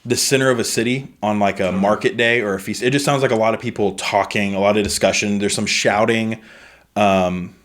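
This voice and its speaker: Relaxed low-voiced male game master. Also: brisk. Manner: relaxed, conversational, with fillers. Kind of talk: narrating a tabletop game.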